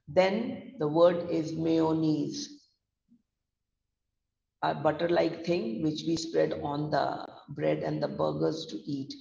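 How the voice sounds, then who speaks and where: A man with a Gujarati accent teaches pronunciation, spelling each word letter by letter and saying it over and over. His voice is slightly high and gravelly, and he speaks very slowly. He sounds far from the mic in an echoey room, on a dull lo-fi recording. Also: lively intonation, darkish tone. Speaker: pronunciation trainer. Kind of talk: online pronunciation lesson.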